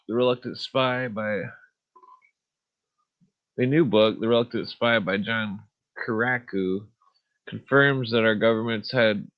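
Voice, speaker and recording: A man's voice: medium pitch, dull audio. A man hosting a podcast in a laid-back, rambling way, chuckling and trailing off with fillers, then reading aloud from a book. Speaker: podcast host.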